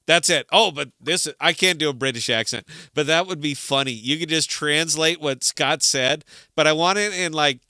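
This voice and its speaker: A man co-hosting a casual livestream chat, joking and animated, sometimes sliding into rants. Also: a little high, dry recording, clean studio sound. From Des Moines, Iowa. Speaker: podcast co-host.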